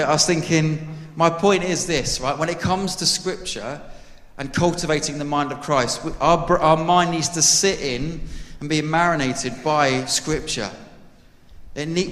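Earnest yet conversational, a preacher jokes with his congregation during a sermon in an echoey church hall with long reverb. His voice is a little high with a fairly bright tone.

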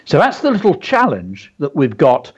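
A man's voice: fairly high pitch, wildly swooping pitch, normal speed, husky. A man co-hosting a radio show, teaching children creative writing by walking through a story example step by step. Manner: walks through a story example step by step, reading lines aloud. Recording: dull lo-fi broadcast audio.

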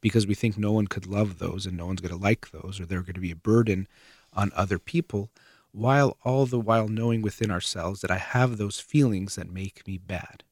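Calm, low-voiced man explaining. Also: no echo, studio quality. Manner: calm, measured, earnest, trailing off softer at phrase ends. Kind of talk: explanatory talk to camera.

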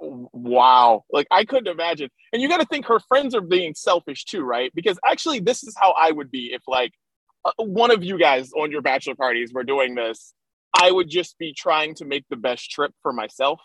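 Animated joking man on a call. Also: a little high, no echo, rough recording. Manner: animated, joking, playacts others in quick asides. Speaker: podcast co-host. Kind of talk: casual chat. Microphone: video call.

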